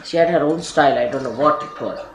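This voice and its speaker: A woman's voice: extremely low pitch, fast. A woman with an Indian English accent giving an informal spiritual talk, telling stories with chatty asides and laughter. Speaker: spiritual teacher. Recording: roomy archive recording with faint hiss.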